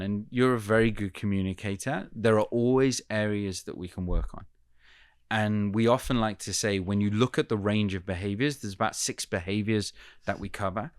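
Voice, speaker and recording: A man with a British accent, a communication coach explaining points in a measured, coaching way during an interview. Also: lowish voice, dry recording. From United Kingdom. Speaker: communication coach, podcast guest. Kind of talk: casual interview chat.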